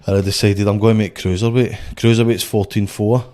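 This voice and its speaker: A man's voice: on the low side, flat delivery, fairly quick, mellow. A young Scottish man, a boxer, telling stories in a blunt, sweary, rambling way on a casual podcast. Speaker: guest, boxer.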